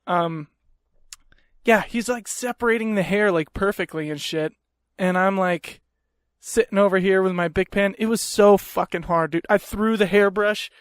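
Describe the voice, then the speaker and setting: A young man hosting a casual podcast, telling stories in an animated, profane and self-mocking way into a close mic. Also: sits high, normal speed, smooth, dry recording. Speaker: podcast host. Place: small room at home.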